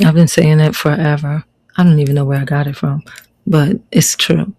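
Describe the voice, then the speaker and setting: A woman's voice: sits low, level tone, normal speed, mellow, rough recording. A middle-aged woman life coach teaching a motivational online lesson, preaching and repeating her key phrases for emphasis.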